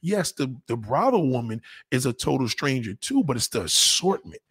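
A man rants crudely in a comic monologue, swearing constantly and slipping into the voices of the people in his story. His voice is husky and a little rough. His pitch swoops up and down with lively energy. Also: normal speed. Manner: profane, animated, acts out voices. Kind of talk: crude stand-up style rant.

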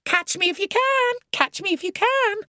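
A woman's voice: on the high side, expressive, normal speed, no room sound, clean studio sound, voice pushed up, natural voice. A woman voicing a cheeky, impatient seven-year-old boy in an audiobook. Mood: gleeful shouting. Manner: impatient, scornful.

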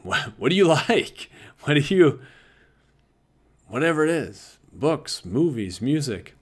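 A man's voice: on the high side, very animated, slow. A man who teaches visual arts, talking earnestly and conversationally to fellow teachers and laughing easily.

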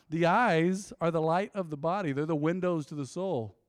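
A man preaching a sermon, swinging between loud swells and quiet, intimate drops. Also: on the high side, normal speed, dry recording, clean studio sound. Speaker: pastor. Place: church.

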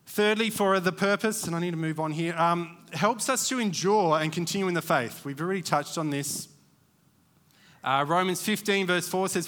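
A man's voice: fairly high pitch, a bit bright, long reverb tail. A man preaching a church sermon in a conversational, digressive way, with many fillers.

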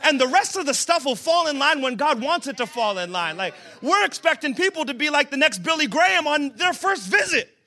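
The pastor's voice is extremely high and sing-song, and he speaks fairly quickly. His church sermon is funny and conversational, full of joking with the room before it builds into emphatic shouting.

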